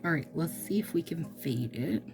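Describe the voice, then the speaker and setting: A woman chatting casually as she does her nails, gushing and trailing into soft murmurs, with faint music behind. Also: sits low, animated, moderate pace, gravelly. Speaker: nail product vlogger. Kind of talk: casual chat while doing nails.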